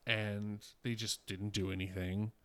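A man's voice: lowish voice, little pitch movement, measured pace, fairly bright tone, smooth. A man in his late twenties, a podcast co-host chatting casually, rambling with lots of fillers and swearing. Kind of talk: casual chat.

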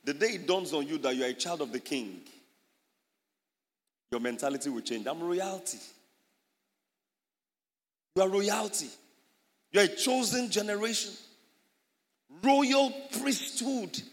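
Emphatic Nigerian preacher in a hall. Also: male voice, a little high, expressive, moderate pace, pauses often. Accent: Nigerian English. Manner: emphatic, teaching, acts out scenes. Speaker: pastor. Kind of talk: sermon. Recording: echoey hall.

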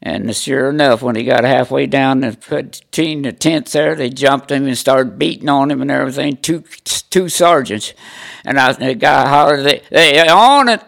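A man's voice: medium pitch, fairly even intonation, normal speed, vocal fry. A man in his nineties from Indiana, bluntly telling stories from his life in an interview, sometimes salty. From Indiana, USA. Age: 90s. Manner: blunt, salty storytelling with repeated "I said". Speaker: veteran interviewee.

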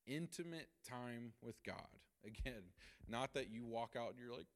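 Energetic man teaching Bible study. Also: mid-range voice, a little slow. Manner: energetic, laughs often, acts out quotes. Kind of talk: church Bible study lesson.

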